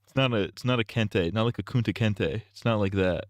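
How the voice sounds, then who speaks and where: A man's voice: fairly low pitch, a little fast, no room sound, studio quality. A young man rambling crude jokes on a casual gaming livestream. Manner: crude, rambling, giggly banter.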